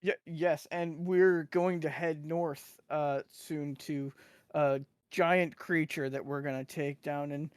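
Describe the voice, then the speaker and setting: A player voicing an awkward young male adventurer who forces a deep voice and stumbles over formal words. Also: fairly even intonation, slow pace, clean tone, no echo, clean studio sound, close to an everyday voice. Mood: earnest.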